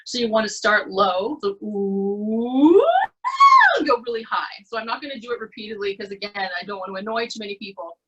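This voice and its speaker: Bright, husky-voiced Canadian woman coach. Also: medium pitch, fairly even intonation, quick pace, few pauses, highs cut off. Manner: encouraging, conversational, with frequent "okay?" check-ins. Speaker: presentation skills coach. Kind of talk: online workshop talk. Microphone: computer mic on a video call.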